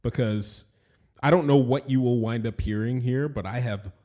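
A man's voice: mid-range voice, normal speed, warm tone. A man hosting his own podcast in a casual, rambling monologue, often laughing at himself. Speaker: podcast host and animation studio owner.

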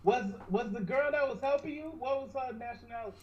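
A man's voice: very high voice, quick pace, muffled recording, a crowd in the background. A man co-hosting a podcast, cutting in with short, probing questions during casual chat. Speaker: podcast co-host.

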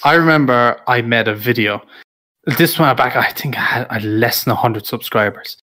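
A man's voice: mid-range voice, moderate pace, pushed and bright. A man who makes videos, in casual chat, thinking aloud and unsure of details. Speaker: content creator.

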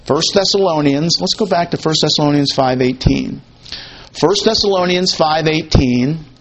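A man's voice: on the high side, moderate pace, poor audio. A man teaching a Bible sermon, repeating key phrases and posing and answering his own questions. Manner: conversational, asks and answers questions. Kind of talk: expository sermon.

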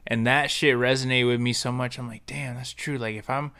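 A young man tells a personal story on his podcast in a loose, rambling monologue full of slang and swearing. His voice sits at an ordinary male pitch and sounds smooth and clear. He trips over his words and starts sentences again. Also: fairly even intonation, fairly quick, bright, forceful tone. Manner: profane, slangy, rambling with restarts. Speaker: podcast host.

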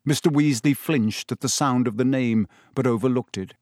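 A man narrating an audiobook chapter in an expressive storytelling voice. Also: medium pitch, brisk, hardly any pauses, no room sound, clean studio sound.

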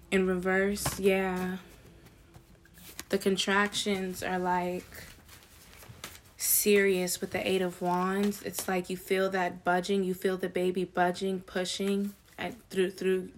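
A woman giving a casual tarot reading to her viewers, chatty and slangy with excited asides. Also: medium pitch, slight background noise. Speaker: tarot reader.

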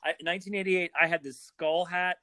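A man's voice: sits high, flat delivery, fairly quick, bright, forceful tone, dry recording, studio quality. A man hosting a casual interview, mostly giving short affirmations and asking follow-up questions. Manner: brief affirmations, easy laughs.

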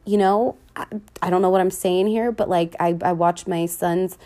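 A woman hosting a podcast, chatting casually and rambling about a film, swearing often and jumping between excited squeals and hushed whispers. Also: lowish voice, normal speed. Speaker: podcast host. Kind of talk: casual movie review chat.

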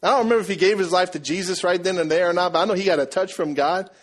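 A man preaching a sermon, telling a story and asking the congregation questions in a lively, conversational way. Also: high-pitched, racing. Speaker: pastor.

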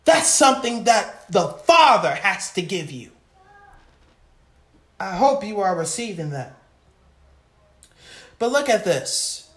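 Impassioned preacher, slow delivery, roomy echo, sermon. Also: medium pitch, sing-song, fairly bright tone. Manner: impassioned, calls out to the congregation.

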